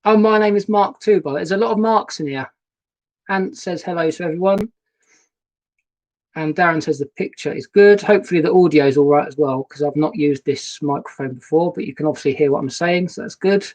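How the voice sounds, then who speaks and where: A man's voice: fairly high pitch, fairly quick, poor audio. Chatty man hosting a live stream. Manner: chatty, rambling, greeting viewers by name. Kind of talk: casual live stream chat. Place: sofa inside a narrowboat. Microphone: laptop webcam setup.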